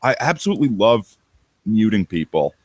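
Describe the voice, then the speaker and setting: Guest, man, low voice, wry and mocking, dry close sound. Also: big pitch swings, normal speed, a little mellow, breathy edge, dry recording. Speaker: livestream guest. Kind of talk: casual livestream chat.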